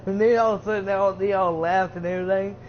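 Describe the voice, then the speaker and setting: A man with a fairly high voice rambles through a casual recap, stumbling over fillers and starting his sentences again. The sound is dull and lo-fi, with a faint hiss underneath. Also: fairly even intonation, fairly quick. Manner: rambling, full of fillers and restarts. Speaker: streamer.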